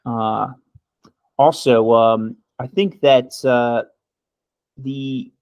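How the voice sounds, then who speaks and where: A man's voice: mid-range voice, fairly even intonation, very slow, no echo, muffled recording. A man co-hosting a podcast in casual chat, giving sarcastic mock praise and rambling with many fillers. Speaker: podcast co-host.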